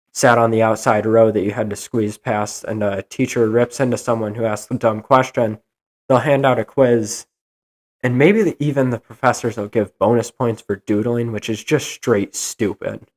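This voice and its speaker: A man's voice: mid-range voice, moderate pace. Young man ranting on a podcast. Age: young adult. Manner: animated, exasperated ranting. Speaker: podcast host. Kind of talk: solo rant podcast.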